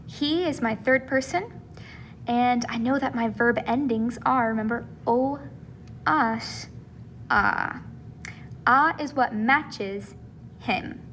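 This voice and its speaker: High-voiced patient teacher woman. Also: a bit bright, a little hiss or hum. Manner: patient, encouraging explanation. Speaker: Spanish teacher. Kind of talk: recorded video lesson.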